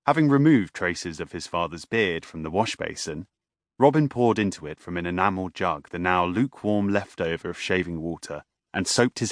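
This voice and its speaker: A man reading a novel aloud as an audiobook narrator, in a measured, even way. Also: deep voice, no echo, clean studio sound.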